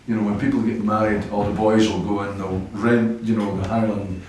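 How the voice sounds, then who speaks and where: A man's voice: lowish voice, little pitch movement, fairly quick, darkish tone, a little hiss or hum. A man from Scotland with a Scottish accent, a rock musician chatting in an interview and telling rambling anecdotes with frequent chuckles. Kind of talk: casual interview chat. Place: old cinema venue. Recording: echoey room from a distant mic.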